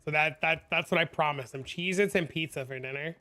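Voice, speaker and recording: A man streaming a game live, chatting casually with viewers, answering chat and telling animated stories, on a desk microphone at home. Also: on the high side, a little fast.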